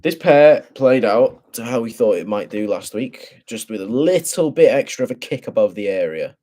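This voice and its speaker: A man's voice: mid-range voice, lively intonation, moderate pace, warm tone. A young man casually talking through forex charts, thinking aloud in profane, slangy speech. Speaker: forex trader.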